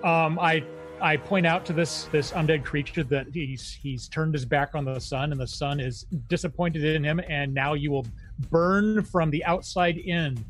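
A man's voice: on the high side, normal speed, faint music behind. A man playing a tabletop game, describing his character's spells and attacks in a playful, joking way. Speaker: player. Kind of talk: casual tabletop play.

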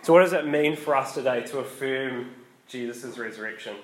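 A man giving a casual, conversational sermon, often pausing with ums and restarting his sentences. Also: medium pitch. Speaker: preacher.

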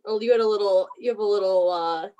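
A woman's voice: mid-range voice, fast, warm tone, clear, resonant tone, lo-fi sound. A woman co-hosting a casual podcast interview, teasing the guest and laughing often. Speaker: podcast co-host.

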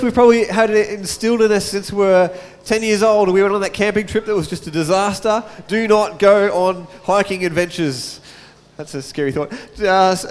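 A man preaching a sermon and reading scripture, chatting casually with his congregation between verses. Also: sits high. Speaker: pastor. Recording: long hall reverb.

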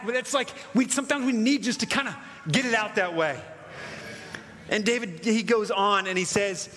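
Bright-voiced man preaching in a hall. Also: high voice, a little hiss or hum. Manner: impassioned, dramatic preaching with slow emphatic scripture reading. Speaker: pastor. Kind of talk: sermon.

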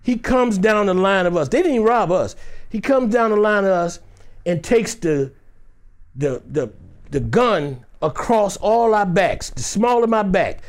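A male actor from Detroit, speaking in a high voice and a little slowly, tells a dramatic personal story in a chat. He is animated and acts out every voice in it.

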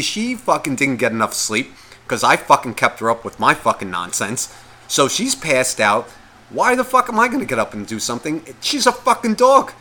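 A man co-hosting a podcast, ranting in a profane, comedic way and acting out the voices in his head. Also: mid-range voice. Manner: animated, swearing, acts out inner voices. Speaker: podcast co-host.

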